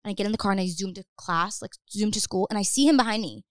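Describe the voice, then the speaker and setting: A young woman talks quickly and casually, piling on fillers as she tells her story to a podcast host. The recording is dry and close, with no room sound. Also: medium pitch, no room sound. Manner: fast, chatty, lots of "like" fillers. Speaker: podcast guest.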